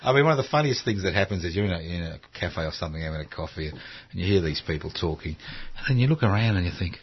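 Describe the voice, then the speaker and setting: A man's voice: low-pitched, lively intonation, quick pace, husky. An older man, hosting a casual chat and holding forth with strong opinions. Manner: opinionated, holds forth at length. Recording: dull lo-fi sound.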